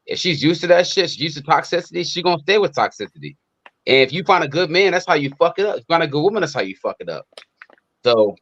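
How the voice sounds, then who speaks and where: A man's voice: on the high side, very animated, fast, a bit bright. A man co-hosting a podcast, speaking bluntly with profanity in casual chat. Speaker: podcast co-host. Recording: dull lo-fi sound.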